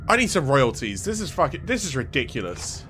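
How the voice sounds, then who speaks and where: A man's voice: mid-range voice, sing-song, a little fast, music in the background. A man streaming a horror game, reacting with swearing and frequent laughter. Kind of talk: live game commentary.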